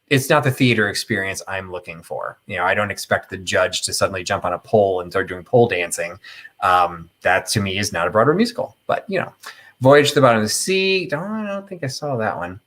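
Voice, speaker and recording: A man's voice: on the low side, brisk, fairly bright tone. A middle-aged man hosting a casual live chat, telling a rambling, opinionated story full of fillers and tangents. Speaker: host of a live chat stream.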